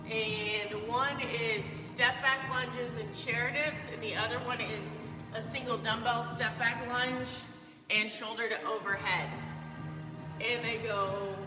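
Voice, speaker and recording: A young woman chatting upbeat with viewers by name while coaching a live workout. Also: on the high side. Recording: roomy hall reverb. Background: faint background music.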